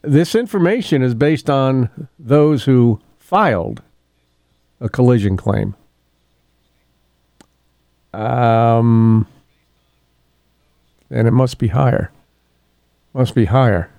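A man's voice: medium pitch, slow pace, creaky, pauses often, warm tone, no room sound, clean studio sound. A middle-aged man hosting a local radio show, chatting casually, often chuckling and losing his place in his notes. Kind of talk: casual morning radio talk. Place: radio studio.

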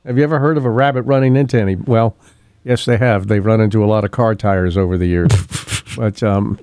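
A man's voice: on the low side, fairly even intonation, brisk, darkish tone, dry recording. A middle-aged man hosting a local radio show, chatting casually, often chuckling and losing his place in his notes. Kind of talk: casual morning radio talk. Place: radio studio.

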